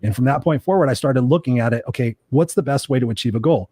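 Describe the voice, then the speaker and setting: A man, a life coach, telling a candid personal story in an interview, animated and swearing casually. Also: mid-range voice, fast, no echo. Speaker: coaching guest.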